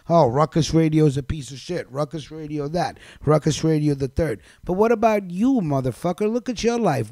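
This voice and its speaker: A man's voice: fairly high pitch, dark tone, no room sound. A man hosting a live show, scolding someone directly in a blunt, profane rant. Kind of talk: ranting monologue on a live stream.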